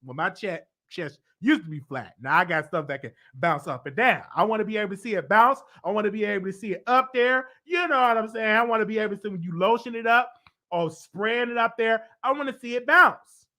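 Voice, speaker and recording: Gossip show host guy, kinda stuffy nose, bright sharp voice, jumps way up high when he gets worked up. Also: fairly quick. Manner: animated, swoops up high for emphasis. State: congested, stuffy voice. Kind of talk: opinionated celebrity commentary.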